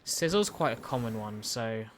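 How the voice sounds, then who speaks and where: Young british guy streaming, rambly, keeps restarting his sentences, mid pitched, bit of faint noise behind. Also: expressive, moderate pace. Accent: British English. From United Kingdom. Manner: rambling, stumbling restarts, reads and answers chat. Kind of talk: casual live-stream chat while gaming.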